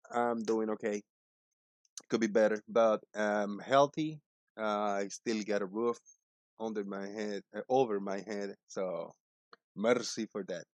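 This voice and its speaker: A man's voice: on the low side, a little mellow, no echo. A man hosting a live chat stream, upbeat and greeting his viewers one by one by name. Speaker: livestream host.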